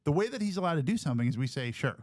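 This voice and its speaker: A man co-hosting a casual podcast, joking and teasing in quick asides. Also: fairly high pitch, sing-song, a little mellow, dry recording, studio quality. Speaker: podcast co-host. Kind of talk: casual chat.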